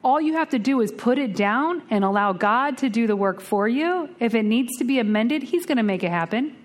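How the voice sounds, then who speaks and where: A woman's voice: a little high, brisk. Woman telling a blunt recovery story. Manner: lively storytelling, acts out the voices in her tale; blunt and salty, casual swearing. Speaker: recovery speaker. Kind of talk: twelve-step meeting talk.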